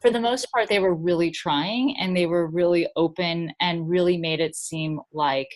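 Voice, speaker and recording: A woman's voice: on the low side, normal speed. A middle-aged woman speaking as a guest, telling a personal story in an open, rambling way with frequent laughs.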